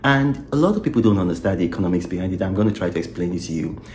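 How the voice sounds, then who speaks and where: A man giving a measured explanation in a commentary. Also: low-pitched, animated, a little mellow, slight background noise.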